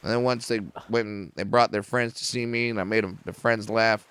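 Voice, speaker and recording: A man's voice: on the low side, fairly even intonation, a little fast, fairly bright tone, clear, resonant tone, no room sound. A man in his forties, a comedian telling stories as a podcast guest in a small studio, joking, self-mocking and swearing freely. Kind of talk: casual podcast storytelling.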